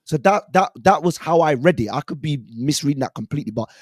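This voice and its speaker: A hoarse man whose voice has cracked, a panelist reflecting on a football match. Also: a little high, expressive, fast talker, no echo, clean studio sound. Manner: apologetic, reflective, quotes his own thoughts. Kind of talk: casual football debate.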